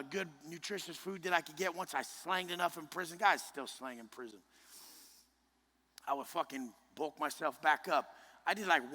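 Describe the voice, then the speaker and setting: Man, motivational speech, blunt and profane, forceful sharp voice, shouts at times, long hall reverb. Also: on the high side. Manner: intense, blunt and heavily profane; forceful, often rising to a shout. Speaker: motivational speaker. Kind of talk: motivational speech to a live group. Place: large indoor event room.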